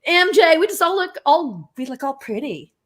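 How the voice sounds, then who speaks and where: A woman's voice: very high voice, sing-song, normal speed, slight background noise. A woman in her sixties, a guest on a live video-call chat, talking chattily and laughing often. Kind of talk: casual live-chat interview.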